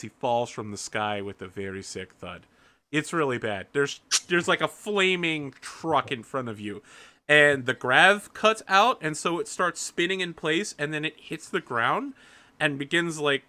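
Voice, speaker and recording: A man narrating a tabletop role-playing game as game master, animated and profane, full of fillers. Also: a little high.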